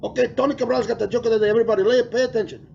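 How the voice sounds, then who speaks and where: A man voicing an eccentric male homeroom teacher, with an exaggerated high-pitched accent. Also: rapid-fire, vocal fry. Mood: cheery. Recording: muffled lo-fi with faint hiss.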